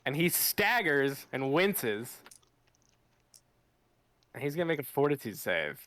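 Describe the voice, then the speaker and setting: A man narrating as game master of a tabletop game, casual and halting, with restarts and fillers. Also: mid-range voice, sing-song, a bit bright.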